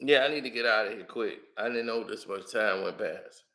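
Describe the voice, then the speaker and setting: An excitable man chatting on a casual stream, jumping from one topic to the next and laughing often. His voice is bright and forceful. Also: on the low side, a little fast. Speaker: comedian and channel host. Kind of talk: casual livestream chat.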